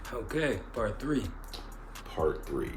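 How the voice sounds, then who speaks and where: A man hosting a reaction video, talking in a relaxed, slangy way with short reactions. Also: fairly low pitch, very slow, echoey room, background noise. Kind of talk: casual chat.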